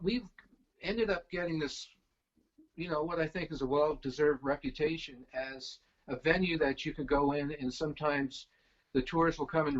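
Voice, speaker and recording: A man's voice: a little high, lo-fi sound. A middle-aged man telling stories in casual chat, rambling with many fillers and restarts. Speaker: guest, venue stage crew. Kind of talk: casual storytelling.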